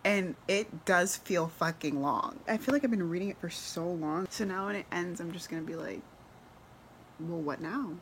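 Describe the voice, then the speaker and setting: A woman's voice: lowish voice, normal speed, few pauses, slight background noise. A young woman filming a casual book vlog, gushing and emotional, often laughing as she talks. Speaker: book vlogger. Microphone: camera mic.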